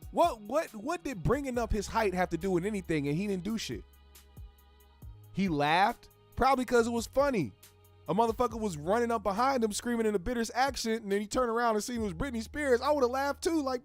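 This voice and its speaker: A man's voice: extremely high pitch, lively intonation, a little fast, no room sound, faint music behind. A man hosting a show, ranting bluntly in heavy slang with plenty of swearing. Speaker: show host. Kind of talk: profane commentary rant.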